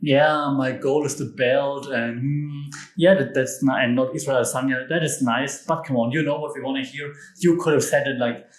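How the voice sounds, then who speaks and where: Brief: European man, solo podcast host, mid-pitched, excitable and joking, recorded in an echoey room. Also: a little fast. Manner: enthusiastic, emphatic, jokey asides. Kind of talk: casual solo podcast monologue.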